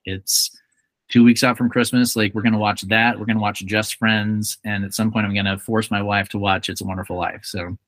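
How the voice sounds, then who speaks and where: A man's voice: lowish voice, level tone, brisk, a bit bright, dry recording. A young adult man hosting a podcast, chatting casually and joking as he acts out little quotes. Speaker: podcast host. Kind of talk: casual chat.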